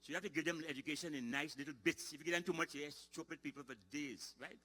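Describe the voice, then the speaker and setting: A middle-aged man, telling folksy comic stories on stage at a ceremony. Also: fairly high pitch. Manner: lively, folksy, quick to shift into voices. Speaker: storyteller and comedian. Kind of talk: live comic storytelling.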